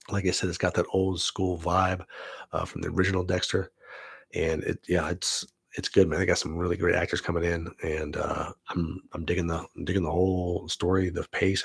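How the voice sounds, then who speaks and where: Brief: forties male vlog host, gravelly low voice, relaxed enthusiastic chat, salty language. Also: normal speed, no room sound. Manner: loose and enthusiastic, swears freely. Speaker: vlog host, film student. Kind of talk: casual rambling chat.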